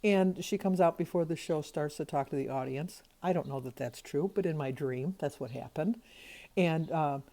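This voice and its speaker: Chatty older woman vlogger, low mellow voice. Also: moderate pace. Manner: chatty, rambling storyteller. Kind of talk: casual vlog chat.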